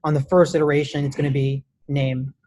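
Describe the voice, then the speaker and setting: A man's voice: a little high, level tone, fairly quick, warm tone. A man teaching a live coding class in a classroom, casual and chatty, with many restarts and "right?" checks. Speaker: coding instructor.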